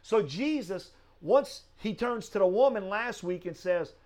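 A man's voice: high-pitched, expressive, unhurried, darkish tone. A man teaching a Bible study lesson, explaining step by step with rhetorical questions and a frequent tag "right?".

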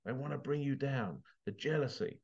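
A man's voice: mid-range voice, normal speed, a little mellow, breathy edge. Passionate swearing man, muffled sound. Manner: passionate, swears, voice breaking with emotion. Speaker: motivational vlogger. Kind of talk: emotional motivational monologue.

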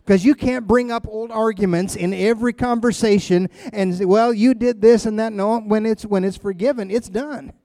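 A man's voice: high-pitched, mellow, no echo, studio quality. A man giving a sermon as a pastor, speaking in an emphatic, conversational way and often repeating phrases.

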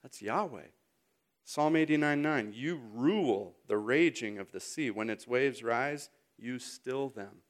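A man in his thirties preaching a sermon, retelling the story with lively acted-out moments and sudden loud bursts. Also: medium pitch, a little slow. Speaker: speaker.

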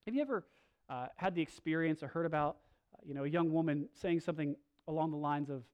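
A male pastor preaching a sermon, moving between loud, slow emphasis and soft, low asides, with casual restarts. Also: lo-fi sound. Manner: conversational, with filler restarts.

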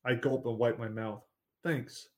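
A man narrating a first-person story in a measured, steady reading voice. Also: mid-range voice. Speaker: audiobook narrator.

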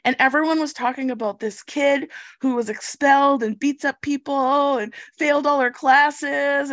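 Middle-aged woman, high voice, animated chatty storytelling, interview guest. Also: no room sound. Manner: animated, chatty, acts out quotes, frequent "like" and "okay?". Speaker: guest, inclusive education researcher. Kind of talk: casual storytelling in a conversation.

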